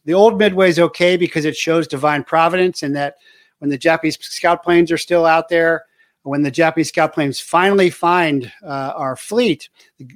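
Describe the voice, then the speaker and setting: A man's voice: fairly high pitch, no echo, clean studio sound. A man hosting his own show, talking in a casual, rambling monologue with many filler words and an earnest tone. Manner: earnest and patriotic. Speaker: show host.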